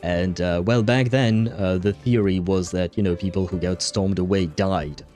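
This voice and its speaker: Rambling low-voiced male streamer. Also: fairly even intonation, moderate pace, darkish tone, soft background music. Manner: rambling, many fillers, frequent laughs. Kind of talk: casual livestream chat reading viewer comments.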